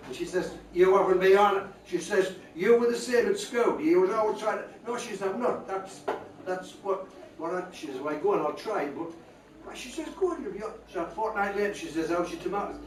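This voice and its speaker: A man's voice: high-pitched, lively intonation, fairly quick. Older man singing music hall songs. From North East England. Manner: sings comic choruses, rattles through a dialect joke. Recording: echoey room from far off.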